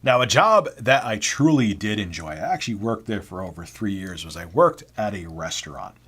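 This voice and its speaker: A man hosting a video and telling a personal story. His delivery is casual and animated, and he swears freely. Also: on the low side, normal speed, breathy edge. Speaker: video host.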